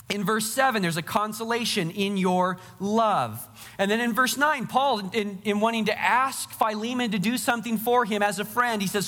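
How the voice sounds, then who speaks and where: A man's voice: high voice, normal speed, fairly bright tone, in a large hall. A man preaching a sermon to his congregation, earnest and direct, speaking to them as their pastor.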